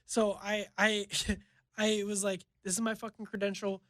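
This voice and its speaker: A young man with a fairly high, light voice tells a story to friends, animated and loose, with plenty of swearing. He acts out the other people's lines as he goes. The sound is close and dry. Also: a little slow, dry recording. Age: young adult. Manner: animated, profane, acts out quotes with laughter. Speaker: podcast guest. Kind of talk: casual storytelling.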